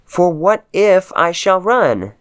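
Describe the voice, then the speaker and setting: A man's voice: high voice, sing-song, slow, clean tone, voice pushed up, full character voice. A man reading aloud, voicing an eager young male messenger who pleads to run with the news.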